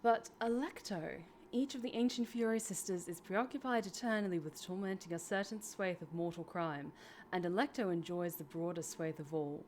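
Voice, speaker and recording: A woman streamer giving lively live gameplay commentary, reacting and reading game text aloud. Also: lowish voice, moderate pace, slight background noise.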